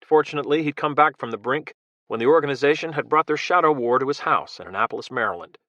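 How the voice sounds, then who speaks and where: Man reading an audiobook, steady and measured, mid-pitched, dry close sound. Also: no room sound, dull audio. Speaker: audiobook narrator. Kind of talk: scripted audiobook narration.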